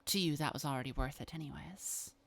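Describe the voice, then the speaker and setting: A woman voicing a cryptic, coaxing female vampire who talks in a soft, half-whispered, drawn-out way. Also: low voice.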